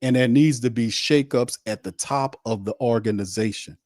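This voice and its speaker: A man's voice: medium pitch, normal speed, a little mellow, no room sound, clean studio sound. A man hosting a sports show, delivering a heated, blunt rant on a live watch stream, repeating his points and mocking the other side. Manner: fiery, blunt and repetitive, with mocking asides.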